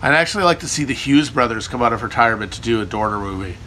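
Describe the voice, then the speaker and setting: A man with a bright, forceful voice riffs loosely through viewer questions on a casual stream. His delivery is irreverent and jokey, sprinkled with profanity. There is a faint hum of background noise. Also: medium pitch, lively intonation, rapid-fire. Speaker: livestream host answering chat. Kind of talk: casual rambling chat.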